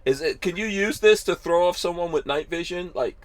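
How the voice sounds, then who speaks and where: A man's voice: sits high, brisk. A man hosting a podcast in casual chat, laid-back, laughing often and reading chat comments aloud. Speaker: podcast host.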